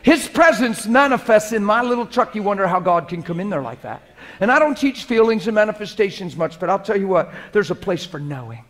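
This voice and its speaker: A middle-aged man preaching a sermon to a live congregation, moving from hushed prayerful murmurs to loud, animated, laughing storytelling. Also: high-pitched, fairly quick. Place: church hall before a live congregation.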